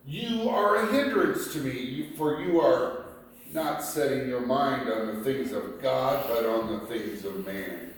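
A man preaching a sermon, reading scripture passages aloud and explaining them in a slow, deliberate way. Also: mid-range voice. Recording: echoey room picked up from a distance.

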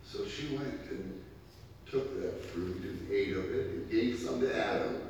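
A man delivers a sermon in an emphatic, repetitive style, his lines building with rising force. He speaks slowly, and his voice rings out in a large hall with a long reverb, picked up from far away. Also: on the low side, darkish tone, a little hiss or hum. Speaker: preacher.

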